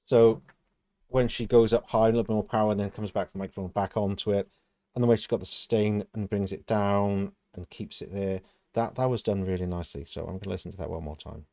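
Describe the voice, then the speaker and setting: A man's voice: on the low side, steady tone, fast, creaky, mellow, dry recording. A man hosting a music reaction video, talking through a song in a chatty, thoughtful way. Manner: thoughtful, chatty, analytical about vocals. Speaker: music reaction channel host. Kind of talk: casual reaction commentary.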